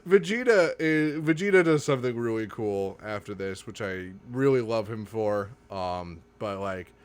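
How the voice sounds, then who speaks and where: A man's voice: fairly low pitch, expressive, moderate pace, clean tone. A young man co-hosting a podcast, retelling an anime in casual chat, laughing often and swearing freely. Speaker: podcast co-host.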